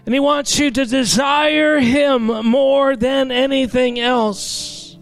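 A male pastor preaching and praying fervently to a congregation, pleading and rising into shouts. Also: very high-pitched, fairly even intonation, slow pace, vocal fry, faint music behind. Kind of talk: sermon and prayer.

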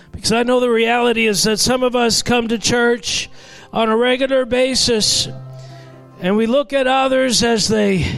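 A male pastor preaching and praying fervently to a congregation, pleading and rising into shouts. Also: extremely high pitch, creaky, clear, resonant tone. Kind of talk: sermon and prayer.

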